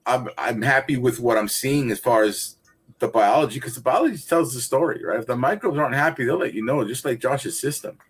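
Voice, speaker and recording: A man's voice: medium pitch, a little fast, slightly rough. A man who teaches gardening, a guest on a casual livestream chat, rambling and enthusiastic with lots of restarts.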